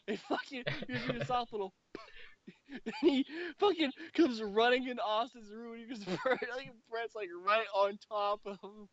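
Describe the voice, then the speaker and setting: High-voiced young man telling rowdy stories. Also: moderate pace, muffled recording. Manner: profane, animated storytelling. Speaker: podcast host. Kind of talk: casual chat.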